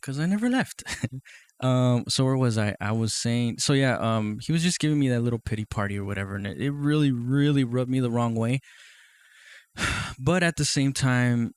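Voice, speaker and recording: A man's voice: mid-range voice, moderate pace, no echo. Casual, rambling podcast host man. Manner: profane, rambling, leans on "you know what I mean"; laughs often between thoughts. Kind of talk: casual monologue.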